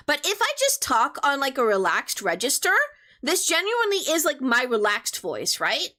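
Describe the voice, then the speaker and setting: A woman with a high, childlike voice chats casually on a live stream, reading out messages and answering them. She sounds bright and crisp, playful and teasing in her asides. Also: very animated, normal speed.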